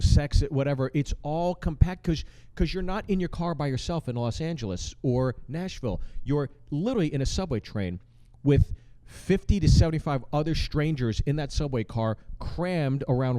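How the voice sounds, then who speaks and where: A man's voice: on the high side, animated, normal speed, dark tone. A man hosting a casual chat about stand-up comedy, explaining his points at length in an earnest, analytical way. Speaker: host. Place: comedy club.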